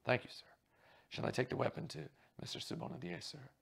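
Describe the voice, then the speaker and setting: A dried-up little old dresser murmurs politely and quietly, as a gravelly-voiced reader puts him on. The voice is breathy, rough and hushed. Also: male voice, medium pitch, a little fast, exaggerated voice. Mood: deferential.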